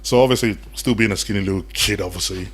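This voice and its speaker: A young man chats as a podcast guest, telling stories at a quick clip. His voice sits on the low side, and he animates his tale by putting on the voices of the people in it. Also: slightly rough. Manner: animated, acts out quoted voices. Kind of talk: casual storytelling interview.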